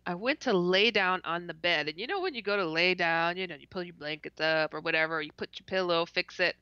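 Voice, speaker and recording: A woman's lowish voice, smooth yet pushed and bright, comes a little fast as she tells an animated story as a podcast guest, often laughing, stuttering, and playing out her reactions. It's a dry recording over dull lo-fi call audio.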